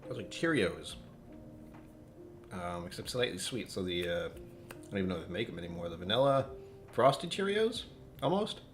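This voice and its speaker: A man's voice: low-pitched, lively intonation, fairly quick, long pauses, faint music behind. A man tasting whisky on a live stream, rambling casually, joking at his own expense and chatting with viewers as he reads out their comments. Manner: rambling, self-deprecating, jumps between topics.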